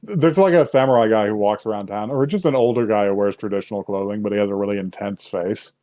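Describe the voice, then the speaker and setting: A man hosting a podcast, telling an anime story in casual chat, with lots of laughter and quick switches into voices. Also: on the low side, dry recording. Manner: animated, laughing storyteller who acts out voices. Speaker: podcast host.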